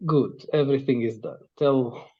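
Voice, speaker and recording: A man's voice: mid-range voice, steady tone, moderate pace, breathy edge, dull audio. A man voicing a big bulky gangster with a put-on Russian accent. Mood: gruff.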